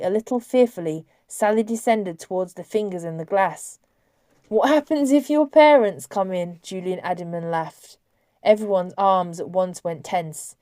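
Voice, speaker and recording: Woman narrating fiction, measured and expressive, warm low tone, dry close recording. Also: dry recording. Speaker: audiobook narrator. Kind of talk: novel reading.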